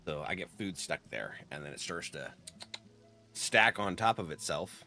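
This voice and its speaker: A man's voice: sits low, lively intonation, moderate pace, creaky, sharp tone, faint music behind. A man casually chatting with his live-stream viewers, laughing often and greeting them by name.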